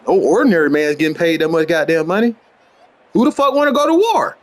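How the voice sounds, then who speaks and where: Brash trash-talking man, high voice that leaps around. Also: lively intonation, brisk. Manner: brash, boastful, trash-talking, swings between mutters and high outbursts. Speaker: gamer streaming gameplay. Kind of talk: profane rambling commentary over gameplay.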